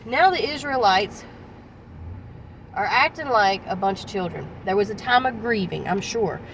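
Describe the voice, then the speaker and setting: A woman's voice: mid-range voice, expressive, normal speed, gravelly, a bit bright, distant mic, a little hiss or hum, low-quality recording. A woman evangelist retelling a Bible story in a casual, conversational way, with restarts and asides.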